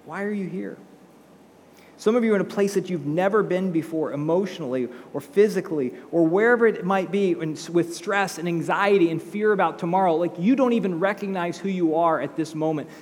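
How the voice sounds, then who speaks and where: A man's voice: sits high, a little fast, few pauses, long reverb tail. A male pastor preaching a sermon in a conversational way, with rhetorical questions and acted-out quotes.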